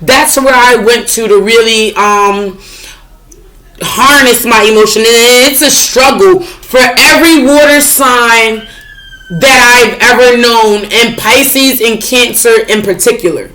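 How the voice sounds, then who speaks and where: The voice is a woman's, fairly high and sharp, delivered slowly. She's a tarot reader in casual spiritual talk with her followers; frank and chatty, she swears a lot and regularly asks if they're with her, saying "you know what I'm saying?"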